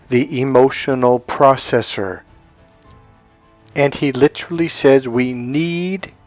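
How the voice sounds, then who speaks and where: Man, dating coach, blunt and emphatic, swears freely, mid-pitched voice, dry close sound. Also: dry recording. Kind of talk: motivational monologue to camera.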